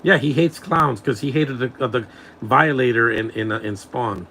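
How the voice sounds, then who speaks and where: A man's voice: medium pitch, moderate pace, sharp tone, slight background noise, low-quality recording. A man giving casual live commentary over a film, mocking it and chuckling often.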